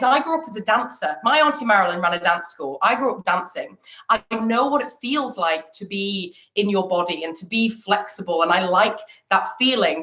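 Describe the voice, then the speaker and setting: A chatty woman, leading a lively online confidence workshop and laughing often. Her voice sits at a middle pitch. The recording is dull and lo-fi, with a roomy echo. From England. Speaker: confidence trainer. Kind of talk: live online workshop talk. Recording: echoey, dull lo-fi audio.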